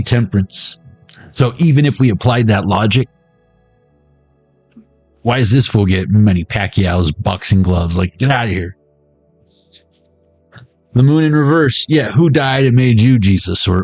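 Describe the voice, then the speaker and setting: A man giving a tarot reading as a comedic monologue, riffing with jokes and jumping into squeaky high voices. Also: moderate pace, darkish tone, slightly rough, no room sound, soft background music. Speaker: tarot reader.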